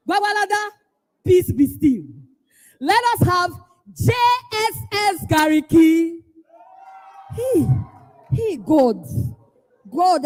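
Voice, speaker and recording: A Nigerian woman hosting a live event, calling out schools one by one, playful and teasing, often shouting to get the crowd going. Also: very high voice. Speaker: event host.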